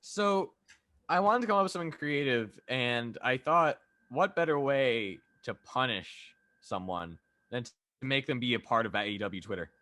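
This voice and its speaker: A man's voice: mid-range voice, expressive, normal speed, sharp tone, dry recording. A man co-hosting a wrestling podcast in casual chat, laughing often and swearing freely. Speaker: podcast co-host.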